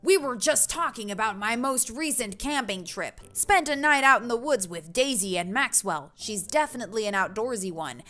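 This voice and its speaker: A woman's voice: on the high side, expressive, normal speed, few pauses, pushed and bright. A woman doing a hearty, boastful dad. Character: boastful, cheery male suburban dad.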